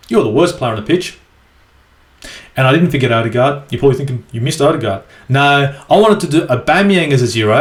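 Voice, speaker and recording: A man's voice: fairly high pitch, roomy sound. Sweary ranting Australian man. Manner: angry, sweary, exasperated. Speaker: football fan vlogger. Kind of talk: ranting match review.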